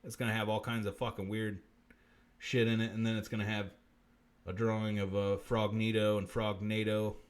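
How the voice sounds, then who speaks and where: A man hosting a live-stream comedy show, muttering profane bits deadpan and breaking into sudden shouts. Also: on the low side, moderate pace, clean tone.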